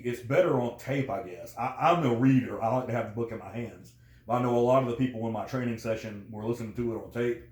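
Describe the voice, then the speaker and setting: A man's voice: mid-range voice, darkish tone. Rambling man in an echoey room. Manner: rambling, many fillers and restarts. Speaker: guest. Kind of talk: casual conversation. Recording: roomy echo.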